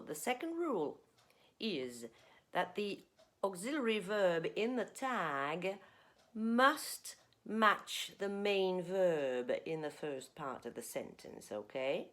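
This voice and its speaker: A woman teaching an online English grammar lesson, expressive and playing with intonation, often checking in with "okay?". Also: lowish voice.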